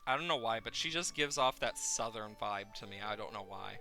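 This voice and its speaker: A man live-streaming a farming game, rambling playfully and getting excited. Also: lowish voice, a little fast, gravelly, hardly any pauses, faint music behind.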